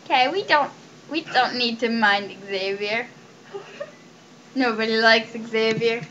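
A woman hosting a silly comedy sketch in a deliberately fake accent, playful and breaking into loud scolding. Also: fairly high pitch, dull audio, slight background noise. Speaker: comedy video host.

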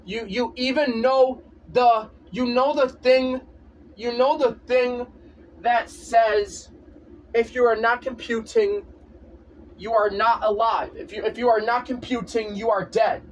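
A man's voice: very high-pitched, steady tone, takes it slowly, far from the mic, slight background noise. A man in a casual vlog, ranting insistently and repeating himself over and over. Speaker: vlogger. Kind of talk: casual rant to camera.

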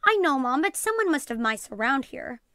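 A woman reading aloud and voicing an eager, excited young girl in a storybook. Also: sits high, brisk, dry recording, heavily acted.

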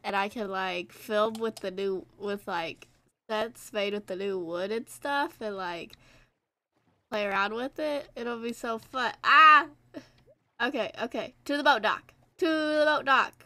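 A woman's voice: medium pitch, unhurried, fairly bright tone, no echo. A teenage girl streaming a game, chatting casually in a rambling, self-deprecating way. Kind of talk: casual gameplay chat.

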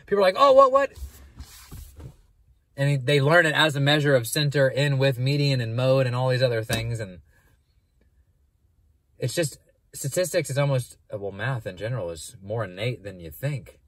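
A man's voice: mid-range voice, normal speed, dry recording. A man who is a math teacher explaining averages in a casual, conversational lesson, often rephrasing and breaking off mid-sentence. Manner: conversational, animated, self-interrupting.

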